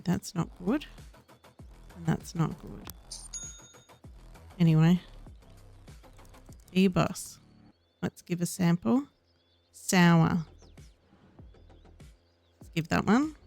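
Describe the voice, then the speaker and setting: Slow, gravelly woman playing a game. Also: on the low side, a little mellow. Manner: reads game dialogue aloud in her own voice. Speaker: gaming host. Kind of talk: casual gameplay commentary.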